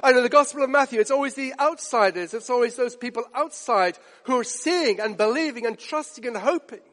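A man with a high, light voice delivers a sermon in an animated way. He keeps asking his listeners questions directly. His words ring out with a long reverb, as if in a large church hall. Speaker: preacher.

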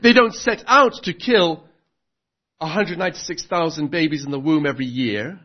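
High-voiced preacher giving a sermon. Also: male voice, moderate pace, highs cut off. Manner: earnest, rhetorical, asks the audience questions.

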